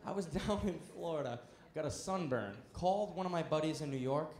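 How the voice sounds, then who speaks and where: A man's voice: on the high side, brisk, darkish tone. A man doing a stand-up comedy set on a club stage, brash and punchy, with audience laughter behind him. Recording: echoey club with crowd.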